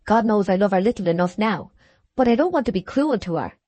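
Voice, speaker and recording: A woman's voice: mid-range voice, animated, fast talker, warm tone, dry recording, close to an everyday voice. Woman reading a determined young working man. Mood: firm. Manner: firm, determined. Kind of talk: audiobook character reading.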